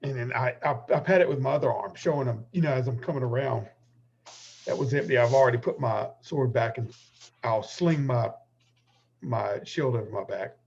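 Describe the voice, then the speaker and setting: A man playing a tabletop game, describing his actions in a casual, halting way. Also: medium pitch, gravelly, a little mellow. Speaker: player. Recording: dull lo-fi sound.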